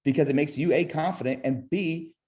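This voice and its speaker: Mellow-voiced sales coach teaching tonality. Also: male voice, on the high side, a little fast. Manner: lively, demonstrates vocal tonality, asks audience questions. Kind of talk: webinar instruction with demo calls.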